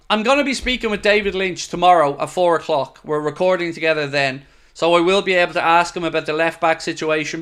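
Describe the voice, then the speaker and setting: Hosting a fan channel's live stream, a man with a high, slightly bright voice reads viewers' messages aloud. He answers them with frustrated emphasis and sometimes curses.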